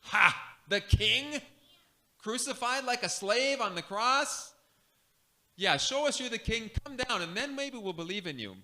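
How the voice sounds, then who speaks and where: A man's voice: very high-pitched, lively intonation, measured pace, bright, forceful tone, pitched above the performer's own voice, exaggerated voice. A man voicing a jeering crowd that taunts a condemned man. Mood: mocking. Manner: scornful, taunting.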